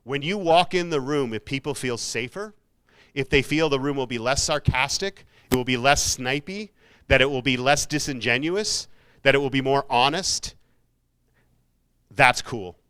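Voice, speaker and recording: Bright-voiced man giving a jokey talk. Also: mid-range voice, moderate pace, smooth, dry recording. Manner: casual and jokey, with self-mocking asides. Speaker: keynote speaker. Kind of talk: motivational talk to students. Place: university hall.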